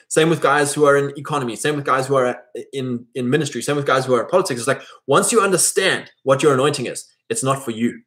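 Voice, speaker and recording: A man's voice: medium pitch, fast, few pauses, a bit bright. A man hosting a podcast, giving a conversational motivational faith talk to other men, emphatic and full of fillers. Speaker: host of a men's faith podcast.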